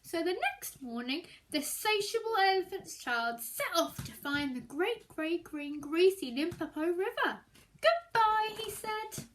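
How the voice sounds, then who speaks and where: A woman's voice: very high-pitched, sing-song, a little slow, hardly any pauses. A woman reading a children's story aloud at storytime, expressively, and stopping to explain words for young listeners. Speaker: storytime reader.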